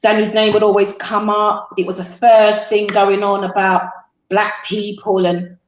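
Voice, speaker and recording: A middle-aged woman, a guest on a talk show, tells her son's story haltingly with many fillers. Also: mid-range voice, flat delivery, muffled recording. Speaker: guest, mother of a man with sickle cell. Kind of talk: emotional interview storytelling. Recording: roomy echo.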